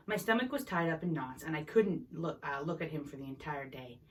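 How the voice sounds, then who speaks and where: A woman's voice: sits low, very animated, a little fast, hardly any pauses. A woman reading a novel chapter aloud in an unpolished way, with small slips and restarts. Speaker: reader. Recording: voice a bit distant from the mic.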